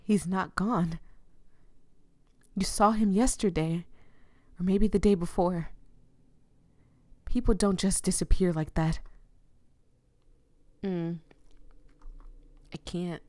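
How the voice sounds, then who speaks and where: A woman's voice: on the low side, steady tone, slow pace, long pauses, warm tone, dry recording. A woman hosting her channel, reading a visual novel aloud and stopping to react with feeling between the lines. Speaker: channel host reading interactive stories.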